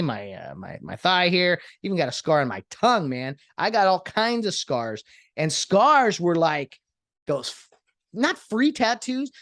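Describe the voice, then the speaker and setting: A man's voice: on the high side, fairly bright tone, dry recording, studio quality. A man hosting his own podcast in a rambling, sarcastic solo monologue that jumps between topics. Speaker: podcast host.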